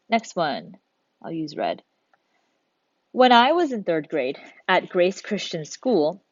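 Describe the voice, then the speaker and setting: A woman teaching a grammar lesson to the camera, patient and methodical, reasoning aloud through each step. Her voice sits a little low, and the recording is dry and slightly muffled, with a dull lo-fi tone. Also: no room sound.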